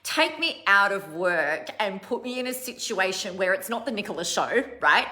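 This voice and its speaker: A woman's voice: mid-range voice, expressive, normal speed, bright, forceful tone. A middle-aged woman coaching online followers in a casual talk, chatty and self-mocking, laughing often and breaking off mid-sentence.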